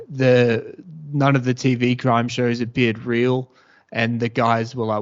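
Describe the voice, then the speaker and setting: A man hosting a casual podcast chat, talking in a rambling, halting way full of restarts. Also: medium pitch, level tone. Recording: dull lo-fi podcast audio.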